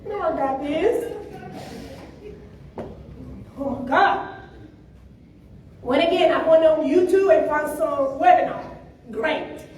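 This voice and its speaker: A woman giving an animated motivational speech at a networking event, laughing often as she tells her story. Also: high voice, slow, long pauses. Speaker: featured speaker at a networking event. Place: event room. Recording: echoey room, distant mic, faint noise.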